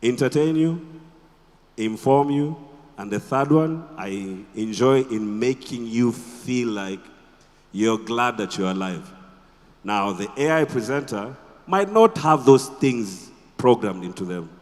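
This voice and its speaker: A man with a Tanzanian accent giving a conference talk as a radio presenter, animated and quizzing the audience with rhetorical questions. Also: medium pitch, slow, in a large hall. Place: conference hall.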